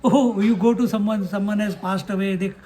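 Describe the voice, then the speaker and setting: A man's voice: sits high, fairly even intonation, a little fast, mellow. A man giving a spiritual discourse on scripture, acting out the dialogue with a chuckle and chanting verses. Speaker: spiritual teacher.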